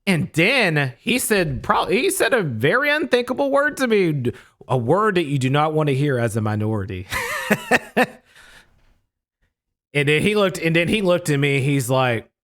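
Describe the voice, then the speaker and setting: A young man with a high, bright voice that swoops up and down as he tells a story. He talks casually and emphatically, swears freely, and often says things twice. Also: very animated, normal speed. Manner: emphatic, profane, repeats himself. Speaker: storytelling YouTuber.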